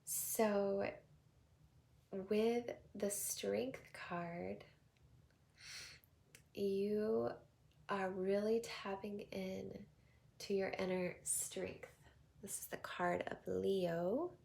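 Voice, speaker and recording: A woman with a Southern accent giving a tarot card reading, talking softly and prayerfully, slipping into whispers. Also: mid-range voice, fairly even intonation, vocal fry. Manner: slow, soft, prayerful delivery with drifting whispers. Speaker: tarot reader.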